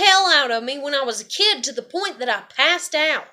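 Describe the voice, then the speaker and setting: A woman's voice: high voice, animated, normal speed, hardly any pauses, bright, forceful tone. A woman, venting bluntly in a raw, profane, heartfelt monologue. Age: 30s. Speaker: vlogger.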